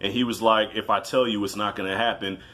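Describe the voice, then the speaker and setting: A man giving a casual, animated movie review, telling it like a story, swearing freely and acting out his own reactions. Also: lowish voice, fast talker.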